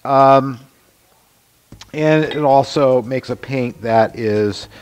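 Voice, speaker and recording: A man's voice: medium pitch, extremely slow. A man in his sixties hosting a casual workshop demonstration, explaining his mask and costume work in a rambling, chatty way full of fillers and asides. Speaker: show host and special-effects mask maker.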